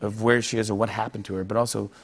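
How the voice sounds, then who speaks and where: A man hosting a late-night talk show in a TV studio, talking excitably with lots of fillers and gushing praise for his guest. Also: lowish voice, very fast, husky.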